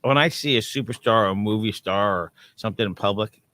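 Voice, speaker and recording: A man in his sixties from Miami co-hosting a casual talk show, cutting in with teasing quick remarks. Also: lowish voice, sharp tone, no room sound. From Miami, Florida. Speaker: co-host. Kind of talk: casual radio-style chat.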